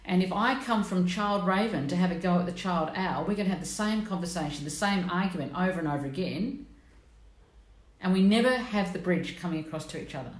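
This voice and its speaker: Middle-aged female host, deep voice, casual and frank, live stream from an echoey room. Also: fairly quick. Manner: chatty, blunt and self-mocking, greets viewers by name.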